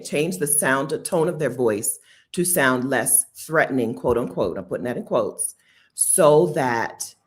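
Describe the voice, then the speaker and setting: A woman hosting a casual live stream, talking through viewer comments, laughing often and acting out quoted voices. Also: low-pitched.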